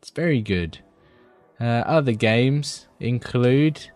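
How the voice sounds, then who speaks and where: A man's voice: mid-range voice, expressive, slow, a little mellow. A man with a mid-range voice chats through gaming news in a loose podcast. He sounds laid-back and easily amused, and swears casually. Faint music plays underneath. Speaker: podcast co-host.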